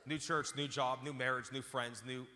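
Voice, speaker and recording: A man's voice: mid-range voice, little pitch movement, normal speed, a crowd in the background. A man preaching a sermon as pastor, emphatic and repeating phrases as he calls out to the congregation. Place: large church auditorium. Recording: hall reverb from a large church.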